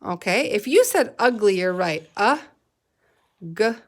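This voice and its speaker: A woman's voice: medium pitch, sing-song, a little slow. A woman teacher giving a patient, encouraging reading lesson to young children.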